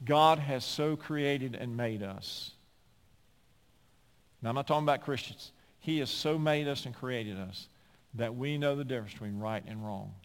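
A man preaching a sermon as a pastor, animated and climbing at times to near-shouting. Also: mid-range voice, unhurried, clear, resonant tone. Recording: long hall reverb.

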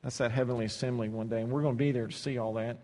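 A man preaching a sermon, swinging between loud, stretched-out scripture reading and soft, low asides, often repeating words as he restarts. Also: steady tone, rapid-fire. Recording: long hall reverb.

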